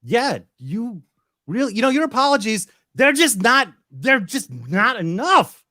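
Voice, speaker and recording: A man's voice: fairly high pitch, sing-song, a little slow, a bit bright, dry recording, clean studio sound. A man playing a blustery, hot-tempered husband. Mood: indignant. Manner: escalating, blustery, sarcastic. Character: defensive, hot-tempered husband in an improv scene. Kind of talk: improv scene.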